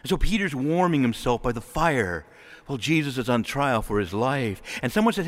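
A Catholic priest with a medium-pitched voice gives a lively homily at normal speed in a large hall. He acts out the voices he quotes and chuckles often.

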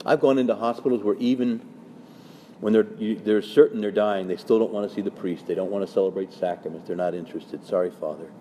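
A man who is a Catholic priest preaching an urgent, pleading talk that often climbs sharply in pitch and loudness. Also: steady tone, fairly quick, a little hiss or hum. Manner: acts out quoted parishioners in their voices. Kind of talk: sermon-style teaching talk.

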